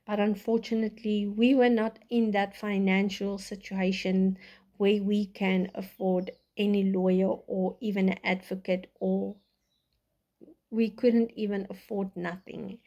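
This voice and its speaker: A middle-aged woman with a South African accent gives a raw, halting personal testimony about her life, often restarting her sentences. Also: mid-range voice, a little mellow. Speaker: vlogger telling her life story.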